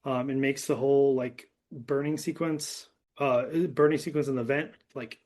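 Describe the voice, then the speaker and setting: Rambling podcast host recapping a film. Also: male voice, mid-range voice, fairly even intonation, moderate pace, a little mellow. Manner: rambling, filler-heavy recap with laughs. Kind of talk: casual movie discussion.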